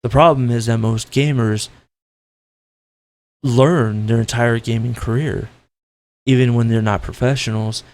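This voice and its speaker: A man's voice: medium pitch, vocal fry. Gritty, blunt gaming commentator, a man. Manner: loud, blunt and profane. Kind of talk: ranting commentary.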